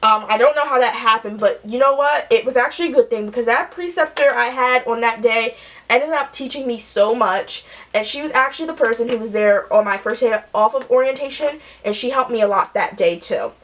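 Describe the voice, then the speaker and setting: A woman's voice: a little high, brisk. A young woman, chatting through a story while doing her makeup, acting out the people she quotes. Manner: chatty, animated, acts out quotes. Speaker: nurse vlogger.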